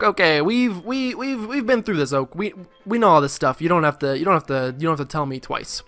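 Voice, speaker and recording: A man chatting through a video game, rambling and joking with profane asides. His voice sits a bit high for a man, close and dry, with soft game music under it. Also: animated, fairly quick, hardly any pauses, no room sound. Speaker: let's play host. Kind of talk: casual gameplay commentary.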